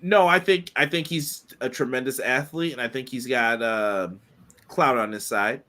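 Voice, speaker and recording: A man co-hosting a casual wrestling podcast, giving animated, quick opinions with many fillers. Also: medium pitch. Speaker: podcast co-host.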